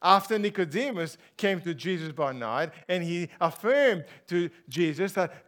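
A man's voice: high voice, animated, measured pace, few pauses, a bit bright. A man preaching a sermon to a congregation. He speaks with emphasis and asks his listeners rhetorical questions.

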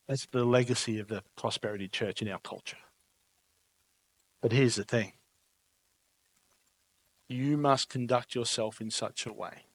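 A man's voice: mid-range voice, a bit bright. A man preaching a sermon, telling stories in an emphatic, conversational way and often asking "right?". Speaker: pastor.

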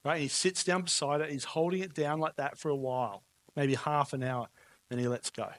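A man's voice: fairly high pitch, steady tone, fairly quick. A man preaching a sermon, telling stories in an emphatic, conversational way and often asking "right?". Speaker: pastor.

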